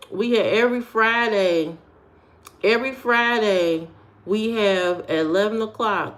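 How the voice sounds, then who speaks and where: An American woman streaming and answering chat in a sassy, joking, slangy way, talking straight to her viewers with frequent fillers. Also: mid-range voice. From United States. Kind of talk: casual chat.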